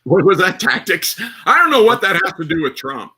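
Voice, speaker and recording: A man's voice: sits high, sing-song, fairly quick, bright, forceful tone, husky. A man hosting a livestream panel, telling a long rambling story with restarts, acted quotes and laughter. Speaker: livestream host. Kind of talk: casual panel chat, long rambling anecdote.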